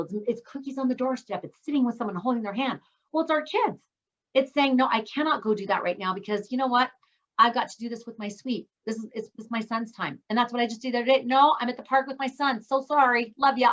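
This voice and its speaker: A middle-aged woman hosting a casual, faith-based talk on parenting. She is chatty and upbeat and acts out the things she says to her kids. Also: a little high. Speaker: host. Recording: dull lo-fi sound.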